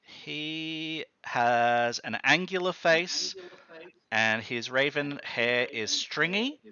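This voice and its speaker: A man's voice: on the high side, lively intonation, extremely slow, pushed and bright, highs cut off. A man narrating a tabletop game as game master, hesitant and full of ums and restarts.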